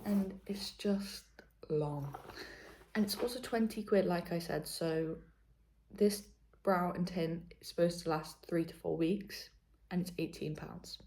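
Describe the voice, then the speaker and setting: A woman's voice: lowish voice, a little mellow, a little hiss or hum. A young British woman chatting casually to camera in a vlog, rambling and correcting herself, sometimes dropping to a whisper. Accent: British English. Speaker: vlogger.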